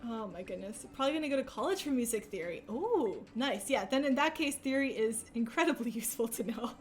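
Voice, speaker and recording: A woman's voice: fairly high pitch, animated, a little fast. A young woman streaming a game, chatting casually and rambling, with frequent laughs and fillers. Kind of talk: casual chat while playing.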